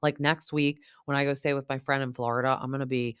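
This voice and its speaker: A woman's voice: very deep voice, level tone, fast, fairly bright tone, smooth, no room sound, clean studio sound. A woman in her thirties hosting a podcast, chatting casually and gossipy with lots of filler words as she recaps reality TV. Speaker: podcast host.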